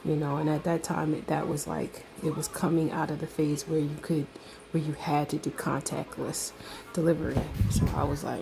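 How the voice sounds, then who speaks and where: A middle-aged woman telling a casual story about a delivery, animated, laughing and acting out the other voices. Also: low voice, normal speed, vocal fry, noisy background. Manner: animated, laughs often, acts out quoted voices.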